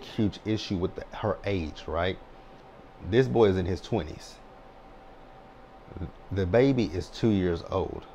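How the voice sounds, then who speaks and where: Sassy deep-voiced man recapping TV. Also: darkish tone, slight background noise. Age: 30s. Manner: sassy, blunt, chatty with frequent "child" and "right?". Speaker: TV recap host. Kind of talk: casual reality-show recap.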